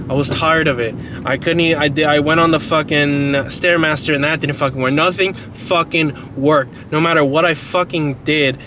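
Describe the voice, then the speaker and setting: A young man venting angrily to the camera about a bad gym workout, swearing constantly and dropping to a low mutter, with car and street noise behind him. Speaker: fitness vlogger. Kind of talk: raw confessional vlog rant. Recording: clear vehicle and outdoor background noise.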